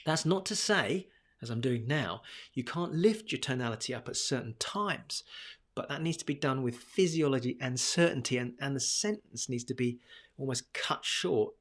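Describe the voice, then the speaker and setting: A man teaching confidence and communication to camera, with deliberate, emphatic delivery and punchy pauses. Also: mid-range voice, lively intonation, fairly bright tone. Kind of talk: instructional talk to camera.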